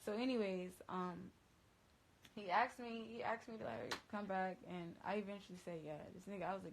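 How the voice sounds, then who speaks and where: A woman's voice: medium pitch, a little fast, slight background noise, rough recording. Woman rambling through a story on a phone livestream. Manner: rambling, profane, slangy retelling.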